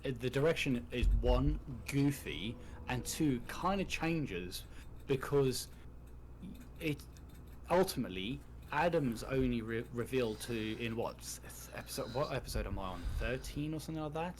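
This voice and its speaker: A man's voice: mid-range voice, animated, normal speed, a little hiss or hum, poor audio. Man, podcaster, casual chat, swears freely, blunt opinions.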